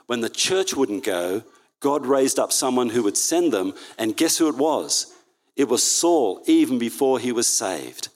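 A man's voice: mid-range voice, big pitch swings, a little slow. A man preaching a sermon in church, reading Bible passages aloud and correcting himself as he goes. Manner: earnest, reads Bible passages aloud, frequent self-corrections.

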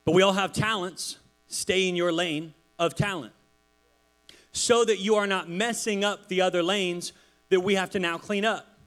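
This man's church sermon is relaxed and talkative, his storytelling lively and loaded with tangents. As a pastor, he speaks at a normal speed in a voice that sits high.

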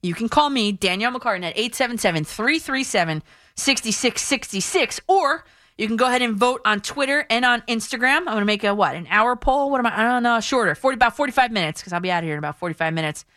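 A woman's voice: a little high, lively intonation, quick pace, bright, forceful tone, no room sound. Woman hosting sports talk radio, dry studio sound. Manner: opinionated, chatty, frequent restarts. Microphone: studio mic.

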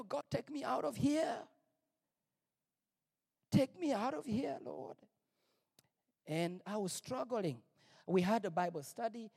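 A middle-aged male pastor preaching a personal testimony, emphatic and repetitive, sometimes rising to near-shouts. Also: sits high, breathy edge. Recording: long reverb, big hall.

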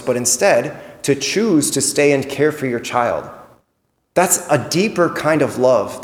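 Man, fairly high voice, earnest conversational homily, long church reverb. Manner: earnest, conversational, repeats words when restarting. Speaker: priest. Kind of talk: Sunday homily.

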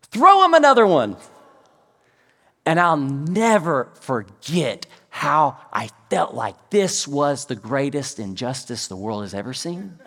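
A long reverb tail follows a middle-aged American pastor as he preaches slowly with few pauses, his mid-range voice carrying vocal fry. He tells stories throughout the sermon and brings them to life by acting out the quotes.

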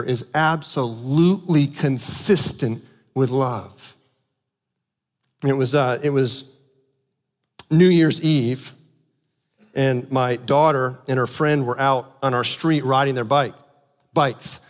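A man preaching a sermon, telling a family story with animated outbursts and earnest explanation. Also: medium pitch. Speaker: pastor. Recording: long hall reverb.

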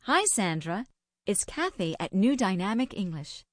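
An actress playing a friendly interviewer who asks clear questions in a scripted language-lesson dialogue. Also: female voice, medium pitch, sing-song, unhurried, no room sound, studio quality.

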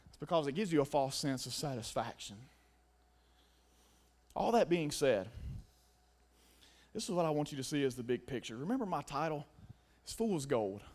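High-voiced man preaching a sermon. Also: big pitch swings, normal speed, pauses often. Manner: emphatic, swings from loud to hushed.

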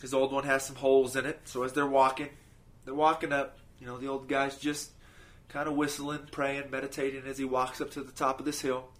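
A man's voice: mid-range voice, flat delivery, brisk, few pauses, fairly bright tone. A man hosting a podcast, telling short stories in an easygoing way with frequent restarts. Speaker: podcast host. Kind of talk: casual storytelling.

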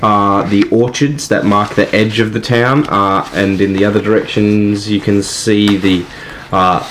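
A man narrating a tabletop game as game master, halting often with filler sounds. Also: lowish voice, fairly even intonation, a bit bright. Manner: halting, many filler uhs. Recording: echoey room with noise.

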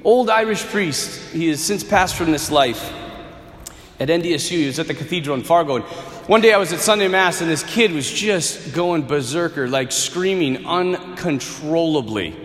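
A man preaching a sermon in an animated, earnest way, with touches of wry humor. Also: fairly high pitch, normal speed. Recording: echoey hall with long reverb.

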